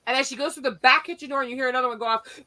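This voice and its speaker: A woman telling family stories in a casual chat, animated and profane, often laughing as she talks. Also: sits high, rapid-fire, poor audio.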